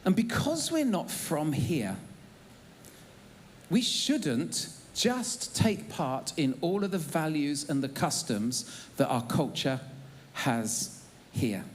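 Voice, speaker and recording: Lively, high-voiced preacher. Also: male voice, slow pace, slight background noise. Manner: chatty and humorous, with frequent ums and uhs. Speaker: pastor. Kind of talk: sermon. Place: church auditorium.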